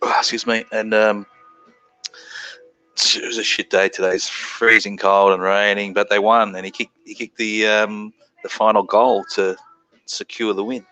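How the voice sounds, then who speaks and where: A middle-aged Australian man chatting casually as host of a live stream, laid-back and quick to greet viewers. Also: on the low side, pushed and bright, dull audio.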